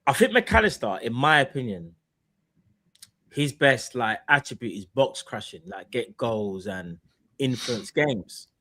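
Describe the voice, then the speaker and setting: A man's voice: medium pitch, expressive, measured pace, bright, forceful tone. A young man co-hosting a casual football podcast, talking in a rambling way full of "like". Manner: rambling, lots of "like" fillers. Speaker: podcast co-host.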